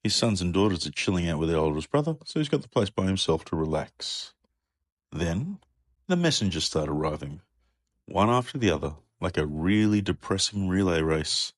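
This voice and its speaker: A man telling a comic, irreverent retelling, sarcastic and sweary, breaking into loud, high character voices. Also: animated, moderate pace, no echo, studio quality. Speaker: comedy podcast narrator.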